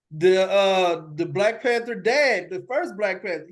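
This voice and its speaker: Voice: mid-range voice, lively intonation, measured pace, hardly any pauses. A panelist on a casual movie review podcast, talking in an exasperated way and firing off indignant questions.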